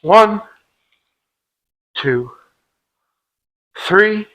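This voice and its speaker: A middle-aged fitness instructor's high, animated, slightly bright voice comes through a rough recording. Using a clip-on mic, he speaks very slowly while demonstrating an exercise drill, calling out cadence counts in a casual, joking way.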